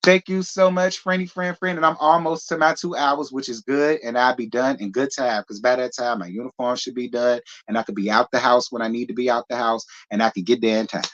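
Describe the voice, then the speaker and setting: A sassy livestream host talks casually to viewers in a mid-pitched voice, teasing and thanking donors by name. The sound is slightly dull and lo-fi, like a home stream. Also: steady tone, fairly quick, hardly any pauses.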